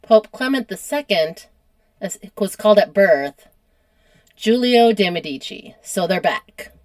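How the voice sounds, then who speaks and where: An American woman hosting a casual history podcast, chatty and quick to laugh at herself. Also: medium pitch, lively intonation, darkish tone, no echo. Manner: chatty, laughs often, self-deprecating. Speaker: podcast host.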